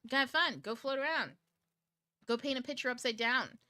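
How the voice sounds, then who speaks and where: A woman's voice: sits high, lively intonation, moderate pace, bright, forceful tone, dry recording. A woman hosting a book club stream, chatting casually in a blunt, profane way and laughing often. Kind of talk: casual livestream talk.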